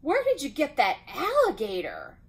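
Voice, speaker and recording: A woman's voice: sits high, huge pitch swings, moderate pace, heavily acted. A woman doing a curious young boy.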